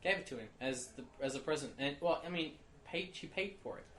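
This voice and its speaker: Un joven australiano que cuenta anécdotas con energía en una charla informal de podcast, imitando a los empleados de una tienda. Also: male voice, fairly high pitch, fairly quick. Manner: animated storytelling, acts out shop clerks in quotes. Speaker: podcast co-host. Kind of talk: casual chat. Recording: echoey room with faint noise.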